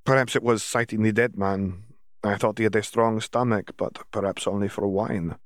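A man's voice: lowish voice, steady tone, normal speed, no echo, studio quality, close to an everyday voice. A man voicing a stern foreign schoolgirl who speaks in stiff, formal phrasing. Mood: matter-of-fact.

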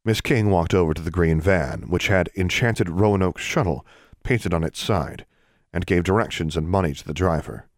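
This is scripted narration from a deep-voiced man reading an audiobook at moderate speed. The recording sounds dry and studio-grade.

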